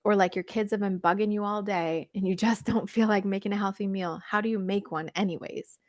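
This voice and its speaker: A woman coach chatting through a livestream Q&A, reading viewer comments and answering in an animated, laughing way with lots of fillers. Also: mid-range voice, fairly quick, no room sound, clean studio sound. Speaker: weight-loss coach.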